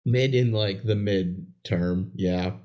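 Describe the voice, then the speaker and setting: A young man with a low voice co-hosts a podcast in a relaxed, dry, joking way. The recording sounds dull and lo-fi. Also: takes it slowly. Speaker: podcast co-host. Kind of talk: casual chat.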